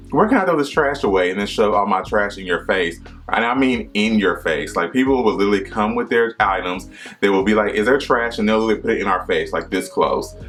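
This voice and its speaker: A man's voice: on the low side, a bit bright. A man who works as a flight attendant, giving emphatic, repetitive advice in a casual vlog and sometimes mimicking passengers.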